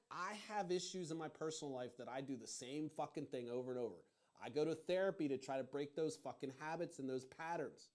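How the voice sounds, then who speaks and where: A middle-aged man hosting a profane political rant, fired up, rambling and yelling his points. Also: fairly high pitch. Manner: rambling with restarts. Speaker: political commentary host.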